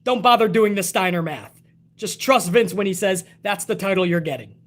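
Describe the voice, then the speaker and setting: A man's voice: high-pitched, normal speed. A man hosting a live wrestling talk stream, reading chat messages aloud and ranting bluntly with lots of swearing. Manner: blunt, profane, animated rants. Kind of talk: casual live-stream commentary.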